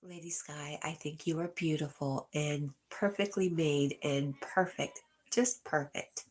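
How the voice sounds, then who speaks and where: Female livestream host, deep and breathy, talks straight to her chat, slips into whispers now and then. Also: fairly even intonation, measured pace. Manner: reads comments aloud and answers viewers directly, drops to a whisper at times.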